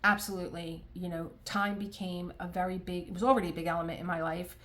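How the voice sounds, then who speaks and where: This crafting vlogger, a middle-aged American woman, talks casually to camera while diamond painting in her home art room. Her voice sits on the low side, fairly even and a bit bright, delivered fast, with heartfelt rambling, restarts and quoted asides.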